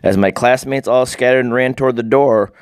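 A man giving expressive first-person storybook narration as an audiobook narrator. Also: medium pitch, brisk, clear, resonant tone, dry recording, studio quality.

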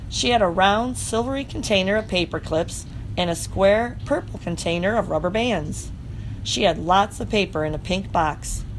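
A woman narrating a children's storybook in the first person, lively and playful. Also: mid-range voice, slight background noise. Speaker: audiobook narrator.

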